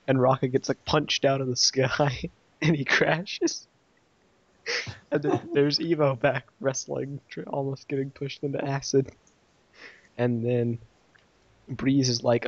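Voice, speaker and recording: A man talks through an episode review in a loose, rambling way, jumping into the characters' quoted lines as he retells the plot. His voice sits at an ordinary pitch. The recording is dry and a little dull. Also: little pitch movement, measured pace, dry recording. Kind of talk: casual review chat.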